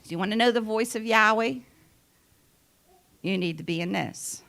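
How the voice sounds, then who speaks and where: A woman's voice: medium pitch, normal speed, gravelly, a bit bright. A woman giving a sermon in an earnest, conversational way, stressing key phrases by repeating them. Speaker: preacher.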